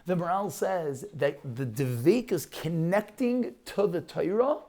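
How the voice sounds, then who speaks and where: A man's voice: a little high, lively intonation, slow pace, dark tone. A man giving a Torah talk to a live audience, telling stories animatedly and posing rhetorical questions.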